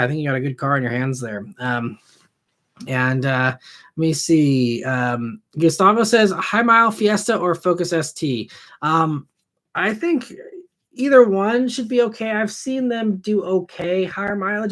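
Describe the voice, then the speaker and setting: A young adult man hosting a live car chat, reading and answering viewer questions in a relaxed, rambling way full of ums and restarts. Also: a little high, a little slow. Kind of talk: casual live-stream chat.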